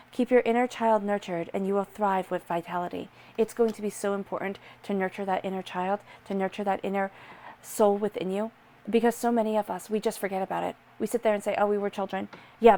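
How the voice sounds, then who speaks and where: A woman's voice: mid-range voice, warm tone. Earnest woman giving a tarot reading. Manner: earnest, reassuring, addresses listener directly. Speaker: tarot reader.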